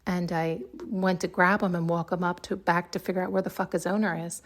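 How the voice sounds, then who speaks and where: A woman hosting a podcast, telling a story in a chatty, excitable way and laughing often. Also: on the low side, brisk. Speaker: podcast host. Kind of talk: casual storytelling monologue.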